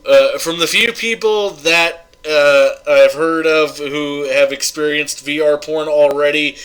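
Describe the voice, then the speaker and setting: A man's voice: medium pitch, sharp tone, poor audio. A male host chatting casually on a podcast, talking loosely with lots of fillers and laughing often. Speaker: show host.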